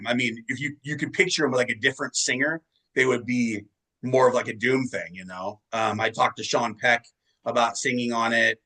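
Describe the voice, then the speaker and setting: A man's voice: medium pitch, sharp tone, low-quality recording. A male musician being interviewed, telling long rambling anecdotes in casual chat and swearing freely. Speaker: musician guest.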